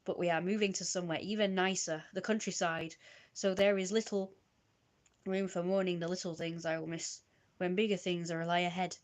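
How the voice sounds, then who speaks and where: A British woman with a slightly low voice streams herself reading old diary entries aloud. She moves through the pages haltingly, tripping over her own old writing and picking the sentence back up. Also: steady tone. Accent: British English.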